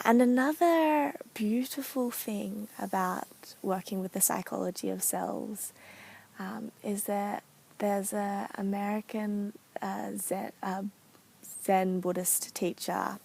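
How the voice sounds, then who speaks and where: A woman giving a casual, reflective talk about a therapeutic practice, speaking softly and thoughtfully with many pauses, sometimes dropping to a near whisper. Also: mid-range voice, gravelly, husky, rough recording. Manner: soft-spoken, thoughtful, many pauses and fillers.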